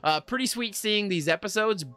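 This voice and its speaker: Bright-voiced man in his thirties. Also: high-pitched, moderate pace, clear, resonant tone, no echo. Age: 30s. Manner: upbeat, laughs often, rattles off lists. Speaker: podcast co-host. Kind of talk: casual chat, reading viewer comments.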